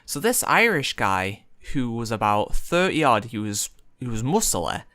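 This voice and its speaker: Young man, rambling streamer chat, forceful tone, dry close sound. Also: medium pitch, sing-song, unhurried, no echo. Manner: rambling, chatty, many fillers. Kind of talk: casual storytelling while gaming.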